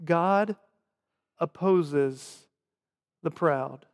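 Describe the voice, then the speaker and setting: A man with a Southern US accent, preaching a sermon to his congregation and swinging between loud emphatic lines and quiet, low asides. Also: drawn-out words. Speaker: pastor. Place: church sanctuary. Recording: long hall reverb.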